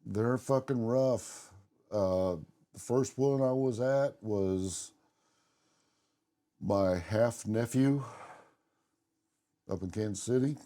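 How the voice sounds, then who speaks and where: Speaking slowly and pausing often, a middle-aged man with a warm voice on the low side co-hosts a podcast. He shares lengthy personal stories bluntly and casually, with plenty of swearing.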